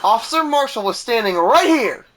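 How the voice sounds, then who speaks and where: A man voicing a confident young male defense lawyer in a measured reading over game music. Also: extremely high pitch, sing-song, a bit bright, heavily acted.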